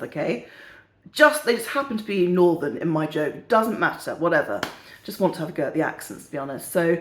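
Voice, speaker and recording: A woman's voice: fairly low pitch, echoey room. A middle-aged woman, chatting casually and joking in a rambling, giggly way as a perfume vlogger. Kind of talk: casual chat.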